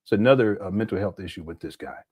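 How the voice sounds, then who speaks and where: A man's voice: low-pitched, lively intonation, fast talker, a little mellow, slightly rough, no room sound, clean studio sound. A middle-aged man from Southern California commenting on a video clip in a casual, incredulous, mocking way. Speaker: commentary channel host.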